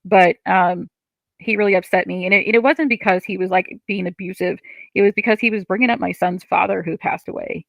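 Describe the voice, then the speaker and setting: A woman's voice: medium pitch, fairly even intonation, a little fast, vocal fry, no echo. A woman on a livestream, reading chat comments and ranting in frustration, swearing often.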